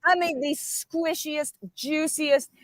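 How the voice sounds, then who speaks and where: A woman, a guest on a video call livestream, telling stories in a fired-up, animated way. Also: sits high, slow pace, a crowd in the background. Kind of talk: enthusiastic livestream chat.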